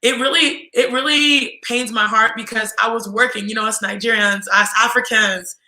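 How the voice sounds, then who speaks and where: A woman's voice: on the high side, fairly even intonation, normal speed, pushed and bright, echoey room, rough recording. A woman in her twenties, a podcast guest telling a casual story and acting out other people's voices. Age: 20s.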